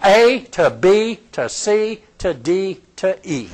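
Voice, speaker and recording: Animated, conversational man preaching. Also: high-pitched, takes it slowly, few pauses. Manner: conversational, animated, addresses the congregation directly. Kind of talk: sermon.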